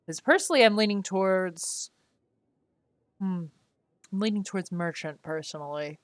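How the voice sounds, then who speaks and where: A woman's voice: mid-range voice, normal speed, dry recording. A woman streaming a story game live, reading its text aloud and making playful, chatty asides to her viewers.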